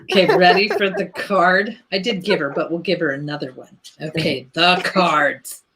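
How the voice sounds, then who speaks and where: A woman with a fairly low voice co-hosts in a loose, offhand way. She talks bluntly, repeats "literally" and swears without fuss. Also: moderate pace, fairly bright tone. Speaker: co-host. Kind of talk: casual chat.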